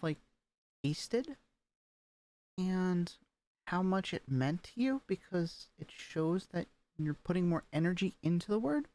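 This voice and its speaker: A woman's voice: lowish voice, darkish tone. A woman working through voice training homework, talking casually with lots of fillers and repeating practice sentences with rising and falling intonation. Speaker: voice training student. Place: home room, streaming as a vtuber. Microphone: webcam microphone.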